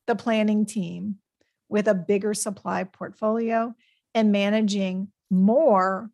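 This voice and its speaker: A woman's voice: mid-range voice, dry recording, studio quality. A woman giving a coaching talk on business to her viewers, upbeat and speaking straight to them. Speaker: business educator. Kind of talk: direct-to-camera business talk.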